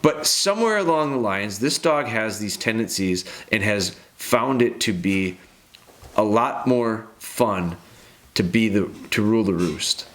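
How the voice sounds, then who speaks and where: A fairly low-voiced man in his thirties hosts a dog-training podcast. He rants bluntly with plenty of emphasis, restarts his sentences and speaks straight to his listeners. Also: animated, measured pace, fairly bright tone. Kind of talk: ranting podcast monologue.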